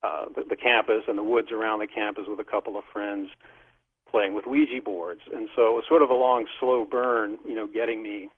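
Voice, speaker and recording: Over a tinny phone line, a middle-aged interview guest tells a casual story animatedly, often breaking into laughter. His voice is fairly low and husky, his tone steady, and his pace brisk.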